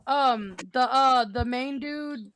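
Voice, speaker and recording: A woman co-hosting a podcast, telling stories in a lively casual chat and laughing often. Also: sits high, takes it slowly. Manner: animated storyteller, laughs often. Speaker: podcast co-host.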